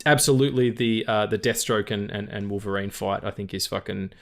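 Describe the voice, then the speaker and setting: A man's voice: fairly low pitch, level tone, fairly quick, gravelly. A man co-hosting a casual film podcast, joking, swearing freely and laughing often. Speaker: podcast co-host.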